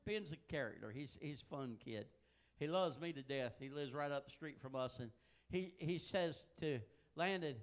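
An older man preaches in a folksy, storytelling way. His voice sits high and leaps widely in pitch, dropping to hushed asides and then climbing to loud, emphatic peaks. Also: expressive, moderate pace. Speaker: pastor. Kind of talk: sermon.

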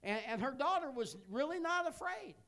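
A man, preaching a sermon as a folksy storyteller who grows loud and excited. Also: very high-pitched, moderate pace, vocal fry. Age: 60s.

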